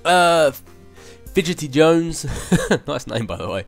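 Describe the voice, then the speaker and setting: A young man with a fairly high, very animated voice and some vocal fry takes his time answering viewer questions on his channel. Soft music plays underneath as he chats and rambles, laughing often and humming between thoughts.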